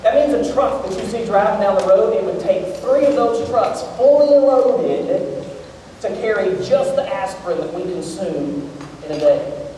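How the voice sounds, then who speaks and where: A man's voice: high-pitched, lively intonation, unhurried, warm tone, a little hiss or hum. A man, preaching a sermon as pastor. He jokes and talks directly to the crowd. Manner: joking storyteller, talks to the crowd. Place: large church auditorium. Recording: echoey hall recorded from far off.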